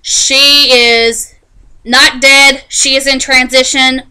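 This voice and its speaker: A woman casually recapping a TV episode in a chatty, animated way, often restarting her sentences. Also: high voice, takes it slowly, clean tone, low-quality recording. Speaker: TV show reviewer.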